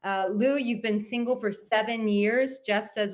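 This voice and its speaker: A woman's voice: mid-range voice, unhurried, few pauses. Bubbly woman chatting on a live stream. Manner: bubbly, chatty, reads out viewer comments. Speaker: relationship advice coach. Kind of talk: casual live-stream chat. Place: relative's home.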